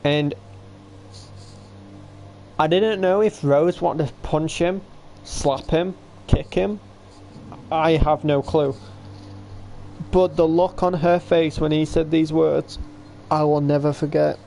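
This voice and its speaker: A man's voice: a little high, fairly even intonation, slow, gravelly, long pauses, dark tone, slight background noise. Rambling young man telling a story. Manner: rambling, quotes others with "I was like". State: yawning and hiccupping. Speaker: livestream host. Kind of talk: casual storytelling livestream.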